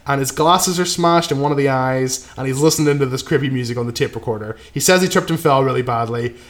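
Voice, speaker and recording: A man casually recapping a horror film's plot, trailing off quietly and tagging "right?" onto his sentences. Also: medium pitch, quick pace. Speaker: podcast co-host recapping a film. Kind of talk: casual chat.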